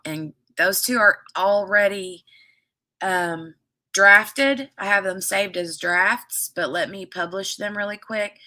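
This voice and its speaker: A woman's voice: lowish voice, bright, forceful tone. A woman hosting a casual craft livestream, chatting in a rambling, storytelling way and reading viewer comments aloud.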